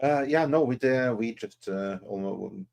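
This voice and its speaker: A man's voice: mid-range voice, unhurried, gravelly, darkish tone. Blunt man co-hosting a panel. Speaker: panel co-host. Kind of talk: casual panel chat.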